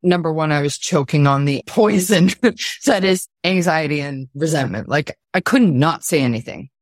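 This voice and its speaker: A woman's voice: low-pitched, normal speed, no echo, clean studio sound. A woman guest speaking candidly and emphatically in a podcast conversation, with a motivational tone and frequent "like". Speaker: guest entrepreneur.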